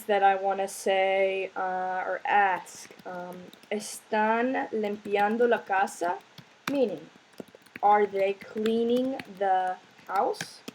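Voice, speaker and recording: A Spanish teacher gives a recorded language lesson, explaining slowly and patiently step by step and frequently checking in with "right?". Her mid-range voice has a darkish tone, and the rough recording carries slight background noise.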